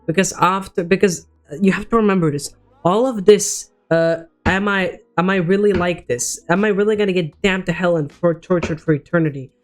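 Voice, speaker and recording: A man's voice: sits high, brisk, soft background music. A teenage boy telling a personal story as a vlogger, rambling and swearing, with many restarts. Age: teens.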